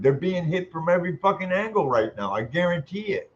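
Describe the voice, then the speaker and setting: A frustrated man rants straight to the camera, swearing constantly and circling back to the same complaints. His voice sits a bit high. The recording sounds muffled and lo-fi. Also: very animated, a little fast. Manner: profane, exasperated ranting. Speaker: vlogger. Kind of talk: angry venting monologue.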